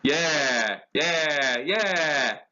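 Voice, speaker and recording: A man's voice: on the high side, lively intonation, drawn-out words, sharp tone, full character voice. A man voicing mischievous freight trucks who whine and shift the blame, in a dull lo-fi recording. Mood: sly.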